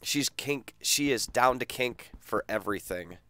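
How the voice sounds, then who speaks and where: A man's voice: mid-range voice, a little slow, pushed and bright. A man streaming a game, bantering with his chat in a crude, teasing way. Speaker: gaming streamer. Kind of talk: casual live-stream chat.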